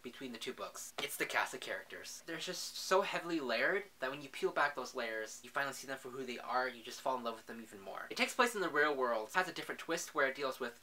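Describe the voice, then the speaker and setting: A man's voice: medium pitch, expressive, fast talker, few pauses, sharp tone, slight background noise. A young man in a casual book vlog, talking in a chatty, gushing way and often saying "literally". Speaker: book vlogger.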